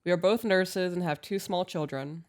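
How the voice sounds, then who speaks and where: A woman co-hosting a casual advice podcast, calm and agreeable as she reads listener emails aloud. Her voice sits on the lower side for a woman. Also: moderate pace. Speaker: podcast co-host.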